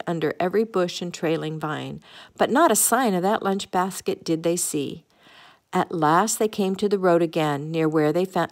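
A woman reading a children's picnic story aloud in a homey way, now and then stumbling and correcting herself. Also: fairly low pitch. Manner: homey read-aloud with small slips and self-corrections. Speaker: storybook reader.

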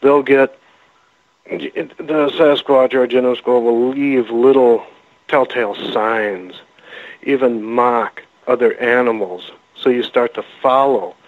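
Male radio guest calling in by phone; rambling, halting storyteller; thin, phone-like sound. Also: mid-range voice. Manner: rambling, halting, with many restarts. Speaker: guest, cryptid researcher. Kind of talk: casual storytelling interview. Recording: phone-line call-in audio.

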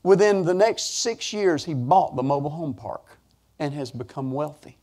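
Preacher guy spinning a folksy story, voice jumps up loud then drops low. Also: brisk. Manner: animated, folksy storytelling with sudden rises in pitch and volume. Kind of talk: sermon storytelling.

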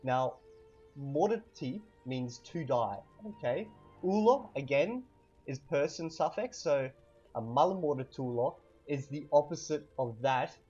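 A man teaching vocabulary in a casual lesson, repeating each word slowly with fillers. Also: fairly high pitch, animated, mellow, slightly rough, muffled recording, soft background music. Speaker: language teacher.

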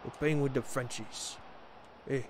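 A man's voice: mid-range voice, fairly even intonation, unhurried, background noise. A man giving casual, joking commentary while playing a football video game, chatting to his viewers and to the players on screen. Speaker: gaming video creator.

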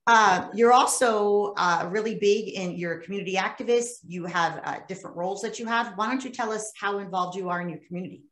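A woman's voice: mid-range voice, brisk, few pauses, fairly bright tone. Friendly host woman in an echoey room. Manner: friendly, searching for words, repeating herself. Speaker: podcast host. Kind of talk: casual interview conversation. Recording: roomy echo.

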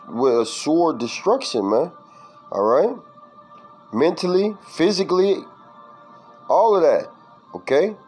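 A man's voice: fairly high pitch, a little mellow, low-quality recording. A man preaching informally from scripture, reading verses and word definitions aloud in a street-style, profane way, ending lines with "man". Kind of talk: informal scripture study talk.

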